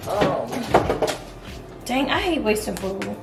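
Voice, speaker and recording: A young woman with a hoarse voice, chatting casually to her camera at home and calling the viewer "girl" and "y'all". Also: mid-range voice, expressive, takes it slowly, far from the mic. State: hoarse from singing. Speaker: vlogger. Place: home apartment, kitchen and bathroom. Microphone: camera on a tripod. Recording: echoey room with music behind.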